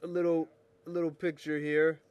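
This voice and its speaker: A man's voice: fairly high pitch, little pitch movement, fairly quick, darkish tone, smooth. A man hosting a photo retouching show, explaining scanner settings in a chatty, rambling way that corrects itself as he works at his computer. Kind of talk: casual screen-share tutorial.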